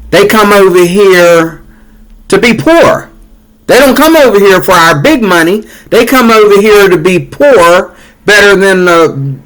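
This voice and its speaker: A man's voice: high-pitched, a bit bright, poor audio. A man hosting a commentary channel, reacting heatedly to news clips in a casual, repetitive way. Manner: heated, repetitive, conversational with fillers.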